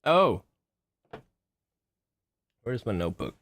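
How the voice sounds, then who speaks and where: A man's voice: lowish voice, sing-song, slow, a bit bright, a little hiss or hum. A man vlogging in a casual, rambling monologue, swearing freely and getting worked up as he talks. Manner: profane, rambling, gets worked up.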